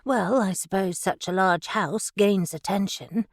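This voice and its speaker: A woman's voice: mid-range voice, a little slow, no room sound, clean studio sound. A woman voicing a wary, proper young witch in an audiobook, speaking in a restrained way.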